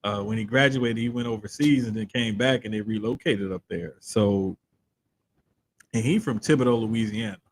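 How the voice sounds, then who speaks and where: A man co-hosting a podcast in casual chat, talking in an animated, emphatic way and keeping his accent in check the way broadcasters do. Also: fairly low pitch, a little hiss or hum. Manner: animated, drawn-out emphatic storytelling. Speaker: podcast co-host.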